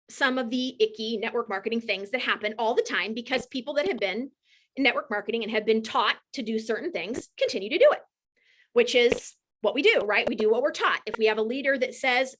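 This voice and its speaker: A woman, a team leader telling an audience her story in a heartfelt, animated way. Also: on the high side, fairly quick. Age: 40s. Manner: warm, emotional, animated storyteller. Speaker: team leader speaking to a group. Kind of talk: heartfelt casual talk to an audience.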